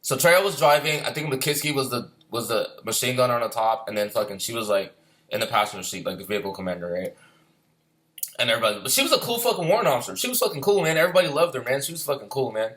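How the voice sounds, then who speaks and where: A man's voice: mid-range voice, animated, fast, a bit bright. A middle-aged man, a former Marine, telling a rambling, profane war story in casual talk. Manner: profane, rambling, repeats himself. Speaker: former Marine recounting deployment.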